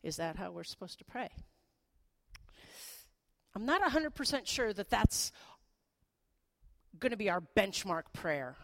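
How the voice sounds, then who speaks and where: A woman pastor preaches to her congregation in a relaxed, talky manner. Her delivery swings between quiet, thoughtful passages and lively, playful asides. She sounds middle-aged, with a voice in the ordinary middle range. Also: medium pitch, a little slow, pauses often. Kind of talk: sermon.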